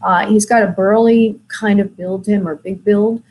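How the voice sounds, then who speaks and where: A woman hosting a call-in show as a spirit medium, talking gently and soothingly to callers, with many fillers. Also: medium pitch, steady tone, normal speed, muffled recording, slight background noise. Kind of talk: call-in reading, soft and consoling.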